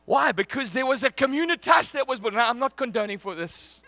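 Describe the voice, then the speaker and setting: A man preaching a sermon, telling a personal story in an animated way and laughing often. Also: extremely high pitch, brisk, no echo.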